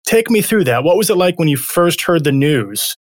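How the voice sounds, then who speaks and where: A man's voice: fairly high pitch, very animated, moderate pace, no echo, studio quality. A male podcast host interviewing a guest in an upbeat, encouraging way.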